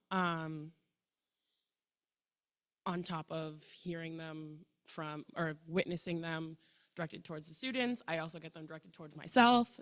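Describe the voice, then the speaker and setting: A woman educator introducing herself to a workshop group, hesitant with fillers. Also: on the low side. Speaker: educator in the audience. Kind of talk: casual self-introduction.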